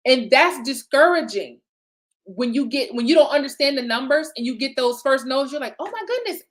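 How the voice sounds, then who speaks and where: A lively woman business coach leads a live online session in a chatty, encouraging way. Her voice sits a little high, and she talks as if straight to her group, often stopping to check they follow. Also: moderate pace. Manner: lively, chatty, repeats "okay?" and "right?".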